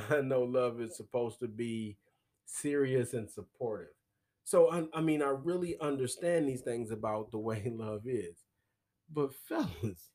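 A man's voice: medium pitch, warm tone. A man hosting a comedic solo podcast, rambling and swearing as he laughs through his own words. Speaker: podcast host.

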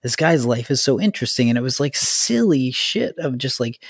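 Gravelly, husky-voiced male podcast host. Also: mid-range voice, animated, moderate pace, no echo, clean studio sound. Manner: rambling, enthusiastic, lots of fillers. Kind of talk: casual interview chat.

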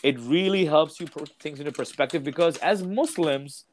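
A man's voice: fairly high pitch, normal speed, a little hiss or hum. Emphatic male comedian, podcast host. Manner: emphatic, says "bro" a lot. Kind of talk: casual comedy podcast chat.

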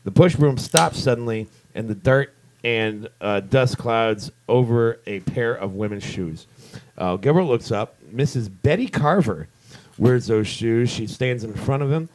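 A man's voice: mid-range voice, lively intonation, a little slow, a little mellow, a little hiss or hum. A man narrating a script's stage directions in a casual comedic table read, with lots of fillers and little side jokes.

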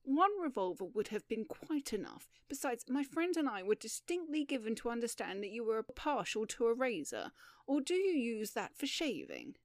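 A woman voicing a breezy, sarcastic gentleman in an audiobook, calm and dry-witted. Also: a little high, normal speed, no echo. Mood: wry. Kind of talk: audiobook reading.

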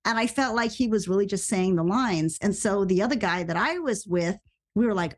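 Animated woman telling a story. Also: medium pitch, brisk. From United States. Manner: animated storyteller, voices incredulous reactions. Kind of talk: casual podcast chat.

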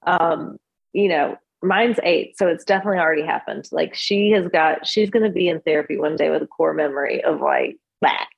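A woman therapist, a guest on a casual podcast chat, talks candidly and reassuringly and laughs often. Her deep voice is a little fast, with vocal fry and a breathy edge, and the recording is muffled.

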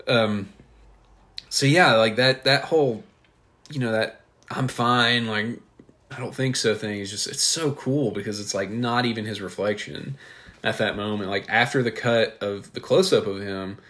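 A man's voice: lowish voice, a little slow, a bit bright. A man co-hosting a casual movie podcast, chatty and laughing often as he recaps scenes. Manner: chatty, laughs often, acts out film lines. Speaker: podcast co-host.

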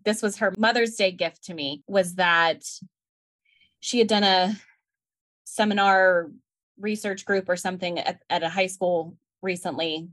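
Relaxed woman podcast host. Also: lowish voice. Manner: relaxed, listens with short affirmations. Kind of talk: casual podcast chat.

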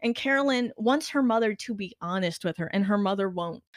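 A woman's voice: mid-range voice, animated, brisk, dry recording, studio quality. A woman co-hosting a casual chat, enthusiastically recapping a TV show and acting out characters' lines. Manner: enthusiastic, acts out quoted lines. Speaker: podcast co-host.

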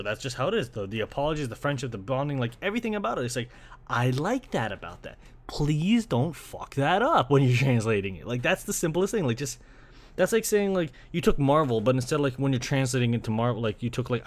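With a medium-pitched voice, this young Canadian anime fan casually vents about anime translations. Expect plenty of "like," some swearing, and bits where he puts on mocking voices.

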